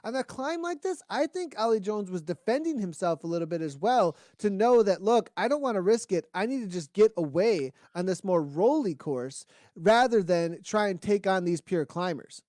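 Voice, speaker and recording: High-voiced man analysing a race. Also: expressive, moderate pace, hardly any pauses, no echo, clean studio sound. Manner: analytical, rising to loud urgency in the sprint. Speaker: esports cycling co-commentator.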